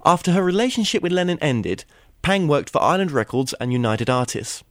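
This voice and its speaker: A man's voice: fairly high pitch, expressive, fairly quick, fairly bright tone, no echo, studio quality. A man hosting an interview show, introducing his guest and asking questions in a friendly conversational way. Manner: friendly conversational, some fillers and restarts. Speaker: radio show host.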